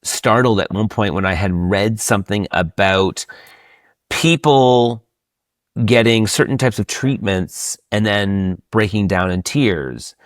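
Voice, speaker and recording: A man hosting an interview, telling anecdotes in a lively, heartfelt way. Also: takes it slowly, no echo, clean studio sound. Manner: animated storyteller, rising in pitch when moved. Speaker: podcast host. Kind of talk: casual interview chat.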